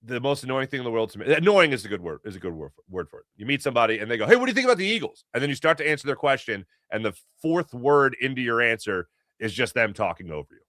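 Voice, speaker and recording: A middle-aged man from Philadelphia hosting a casual sports talk show, telling animated stories and acting out voices. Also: medium pitch, quick pace, no echo, clean studio sound. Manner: animated storytelling, acts out voices.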